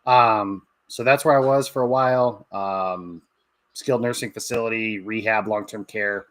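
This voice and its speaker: A man in his thirties talks in a relaxed, rambling way as a podcast guest, with plenty of "uh" and "like." His voice sits fairly low, and the sound is dry and close. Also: moderate pace, no echo. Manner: easygoing, rambling, many fillers. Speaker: guest, sportswriter. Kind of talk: casual podcast interview.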